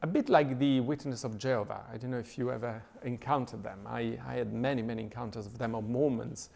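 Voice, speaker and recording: Halting man lecturing, gravelly voice. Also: medium pitch, steady tone, a little mellow. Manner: thoughtful, many hesitations and fillers. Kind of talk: lecture reading and analyzing a poem. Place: church lecture.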